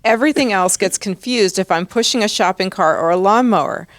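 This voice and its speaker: A woman's voice: mid-range voice, brisk, dry recording, clean studio sound. A woman co-hosting a consumer advice show, reading listener questions aloud to the host. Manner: reads questions aloud, brief interjections.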